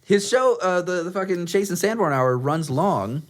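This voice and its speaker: A man's voice: high voice, expressive, moderate pace. A man co-hosting a podcast, telling a story in casual chat, swearing freely and acting out quotes in funny voices. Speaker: podcast co-host.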